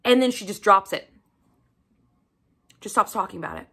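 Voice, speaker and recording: A young woman talks through a book review on her channel with a bright, forward tone. She swears casually and often, acts out her own reactions, and drives her points home with emphatic, animated energy. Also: mid-range voice, normal speed, gravelly, slightly rough.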